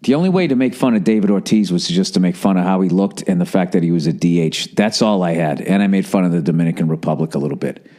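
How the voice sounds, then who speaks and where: A man's voice: low-pitched, quick pace, hardly any pauses, warm tone. A man hosting a podcast, telling a rambling, profane story in a casual, wry monologue. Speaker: podcast host.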